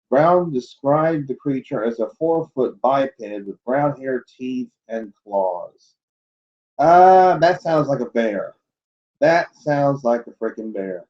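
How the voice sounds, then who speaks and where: Skeptical man hosting a lo-fi livestream. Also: medium pitch. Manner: skeptical, blunt asides with chuckles. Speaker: host of a cryptid livestream show. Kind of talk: casual livestream talk, reading news stories aloud.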